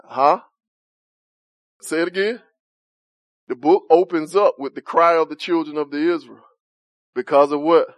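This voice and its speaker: A man's voice: fairly high pitch, fairly even intonation, unhurried, pauses often, no echo. A man leading an interactive Bible study, talking conversationally, questioning the group and laughing often.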